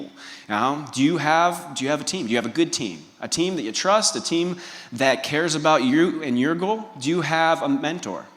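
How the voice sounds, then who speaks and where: A man's voice: medium pitch, fairly bright tone, in a large hall. A man giving a motivational keynote, telling a personal story and asking the audience direct questions. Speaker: keynote speaker. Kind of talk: motivational talk.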